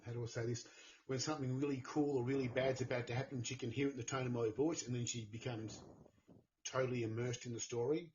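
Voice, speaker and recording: A man's voice: mid-range voice, darkish tone, lo-fi sound, a little hiss or hum. A man with an Australian accent chatting earnestly and enthusiastically as a guest author. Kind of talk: casual chat.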